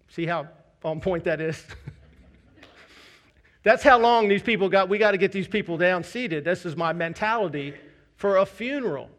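A man preaching a sermon as the pastor of a church, telling a candid personal story with self-deprecating humor. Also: high voice.

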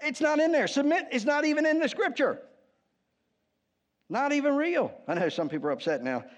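A man preaching with a fairly high voice, talking to his congregation in an easy, conversational way with dry humor. He drops low and quiet on key words, then lifts his voice for emphasis. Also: lively intonation, a little fast, dull audio. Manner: conversational, asks the congregation "right?" often, wry humor. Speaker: pastor. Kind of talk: sermon.

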